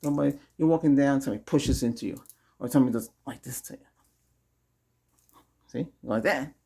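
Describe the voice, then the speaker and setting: Man, Reiki host, husky gravelly voice, easygoing rambling advice with frequent chuckles. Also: mid-range voice, quick pace, dark tone. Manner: chuckles often between remarks, repeats himself. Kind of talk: casual spoken advice to viewers.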